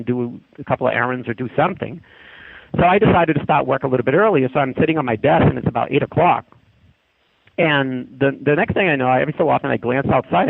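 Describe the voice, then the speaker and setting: A man with a gravelly, husky voice tells a long story in a casual, rambling way, often restarting mid-sentence. His voice comes through a narrow, tinny phone line. The sound is dry, with no room around it. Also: mid-range voice, no room sound. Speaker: guest telling a haunting story.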